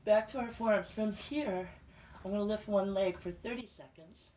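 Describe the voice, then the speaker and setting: Calm woman coaching a plank workout. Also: mid-range voice, moderate pace, a little hiss or hum. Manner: calm, coaching cues with breathing reminders. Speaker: fitness instructor. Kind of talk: guided plank workout instruction. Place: fitness center room. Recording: echoey room from a distance.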